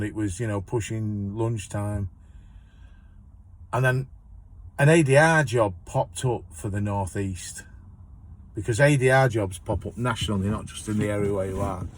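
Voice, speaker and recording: A man's voice: on the low side, normal speed. A man, a van courier, telling a long chatty story about his work in a rambling way, restarting his sentences often. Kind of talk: casual storytelling monologue.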